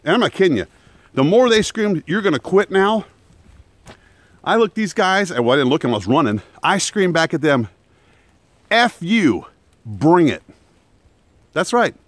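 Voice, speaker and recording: Animated man telling a story outdoors. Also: fairly high pitch, dry recording. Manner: animated, emphatic storytelling with shouted quotes. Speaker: vlogger. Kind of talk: casual storytelling vlog. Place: woods outdoors. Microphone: phone held at arm's length for a selfie.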